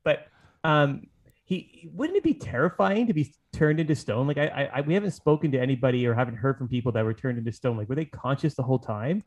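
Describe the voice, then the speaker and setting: A man's voice: mid-range voice, fast, darkish tone. A man hosting a casual podcast chat, thinking aloud and rambling with fillers. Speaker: podcast host.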